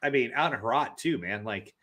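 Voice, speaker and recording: A man's voice: medium pitch, brisk. Profane man swapping war stories. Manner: profane, animated storytelling. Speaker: podcast co-host. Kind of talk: casual chat, war stories. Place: home studio, live stream.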